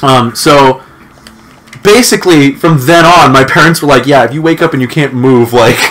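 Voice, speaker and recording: A man's voice: mid-range voice, normal speed, fairly bright tone, soft background music. A young man, a podcast co-host, telling a rambling childhood story in casual chat and acting out what family members said. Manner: rambling storyteller, acts out family quotes with laughs.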